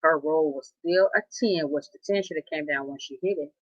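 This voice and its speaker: Woman, casual storytelling, animated, repetitive, quoting others, dry, muffled sound. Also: sits low, a little fast, no room sound. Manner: animated, conversational, repeats herself, quotes others. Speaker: storyteller recounting a casino dispute.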